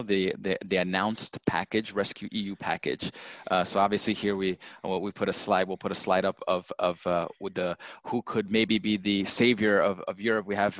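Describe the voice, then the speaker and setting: A man's voice: on the low side, a bit bright, no echo. A man hosting a finance interview show, putting questions to a guest with stammering restarts and repeated words. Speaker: show host.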